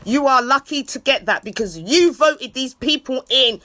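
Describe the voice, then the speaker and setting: A woman ranting casually on a livestream, swearing freely and breaking off for loud shout-outs to viewers. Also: high-pitched, animated, normal speed, few pauses. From England. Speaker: livestreaming vlogger. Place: outdoors in a city.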